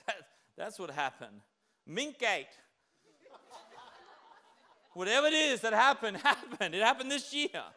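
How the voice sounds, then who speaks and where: A male pastor preaching a lively, conversational sermon full of rhetorical questions. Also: sits high. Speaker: lead pastor.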